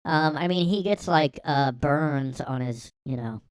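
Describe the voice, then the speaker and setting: A man's voice: a little high, unhurried, clean tone, dry recording, voice pushed up, natural voice. A man voicing a chatty young woman who rambles and overshares about her boyfriend in a breezy tone.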